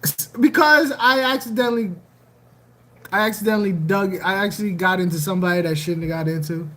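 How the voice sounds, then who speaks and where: Speaking fairly quickly in a mid-range voice, the host of an aquarium channel keeps a livestream lively with jokes and repeated phrases in a casual, animated chat.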